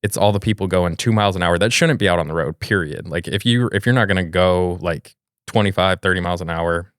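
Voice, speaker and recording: A man's voice: low voice, quick pace, a bit bright, dry recording, studio quality. A man from New York co-hosting a podcast, talking in a casual, blunt, ranting way and swearing freely. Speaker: podcast co-host. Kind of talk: casual chat.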